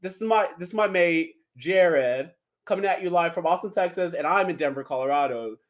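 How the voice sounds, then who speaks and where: A young man co-hosting a casual podcast chat over a video call, loud and excitable, swearing freely. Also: a little high, brisk. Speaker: podcast co-host. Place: Denver, Colorado.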